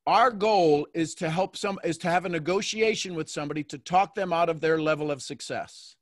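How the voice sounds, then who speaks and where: Guy coaching folks on a call, high voice, lively and playful, dry close sound. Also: fairly quick, no room sound. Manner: animated, playful, acts out quotes. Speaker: host and mentor.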